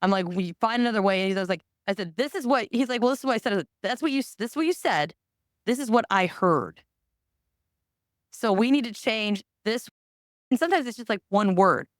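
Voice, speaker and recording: A woman's voice: medium pitch, expressive, a little fast, no room sound, clean studio sound. Blunt, candid woman podcast host. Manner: blunt, candid, swears freely. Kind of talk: casual chat.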